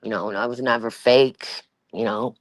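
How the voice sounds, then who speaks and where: A woman's voice: extremely low pitch, fairly even intonation, moderate pace, dry recording. A woman hosting a livestream, chatting casually in a rambling way, with many fillers and restarts and a Valley Girl-type voice. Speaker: livestream host.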